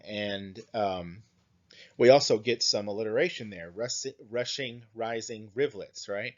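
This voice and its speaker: In this recorded lecture, a medium-pitched male voice with the highs cut off explains poems and song lyrics to an English class. He moves slowly, thinking out loud with lots of "right?" checks and "um" fillers, and reads verse and lyrics aloud.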